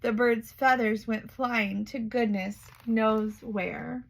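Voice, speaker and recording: Slow, gentle woman storyteller. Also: on the high side, gravelly, low-quality recording. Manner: slow, rhyming, expressive. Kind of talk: reading a children's picture book aloud.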